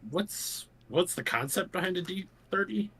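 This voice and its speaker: A man's voice: high voice, lively intonation, normal speed, sharp tone, slightly rough. A man in his thirties chatting casually over a voice call during a card game, laid-back and joking. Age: 30s. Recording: distant mic with faint noise.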